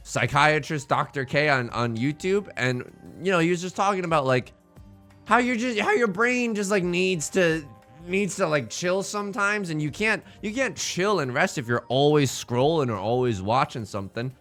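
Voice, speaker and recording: A man's voice: on the high side, moderate pace, fairly bright tone, soft background music. A man hosting a gaming video, chatting casually with joking, rambling asides, his voice a bit strained. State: voice strained from singing. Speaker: let's play host.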